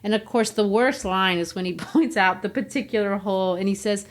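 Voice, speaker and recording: A woman co-hosting a literature podcast, retelling scenes in an animated, storytelling way. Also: mid-range voice, a little fast, hardly any pauses. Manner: animated storytelling, laughs often. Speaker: podcast co-host.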